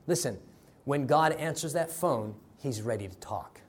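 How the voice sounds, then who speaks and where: A man preaching a sermon, telling a story with dramatic swings in loudness. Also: mid-range voice, expressive, measured pace, breathy edge. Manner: dramatic, varies loudness for effect.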